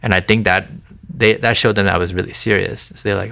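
A man's voice: on the low side, fairly even intonation, quick pace, gravelly, fairly bright tone. A man giving an earnest, conversational faith testimony in an interview, talking with frequent restarts and "you know". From Thai family background. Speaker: interview guest sharing his faith testimony.

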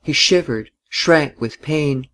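A narrator reading a novel aloud in a measured, even way. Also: mid-range voice.

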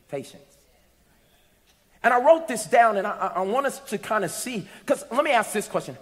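A man delivers a sermon, moving from a storytelling tone to loud, shouted exhortation. His voice sits high for a man. The sound rings with the long reverb of a big church hall. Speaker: preacher. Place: church sanctuary.

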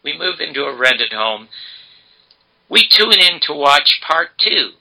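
An older man, a guest in an interview, retelling a story emphatically and dramatically in a gravelly, husky voice. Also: a little high, very animated, slow pace, bright, forceful tone, rough recording. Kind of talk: animated storytelling.

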